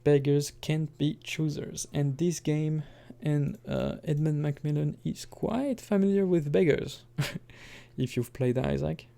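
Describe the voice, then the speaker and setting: Slow, gravelly man narrating gameplay. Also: on the high side, fairly even intonation, warm tone. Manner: rambling, self-correcting, chuckling asides. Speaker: gaming commentator. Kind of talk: casual let's-play commentary.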